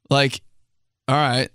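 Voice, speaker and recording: A man's voice: mid-range voice, a bit bright, dry recording, studio quality. A young man hosting a comedy podcast, telling goofy stories with sudden outbursts and laughter. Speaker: podcast host.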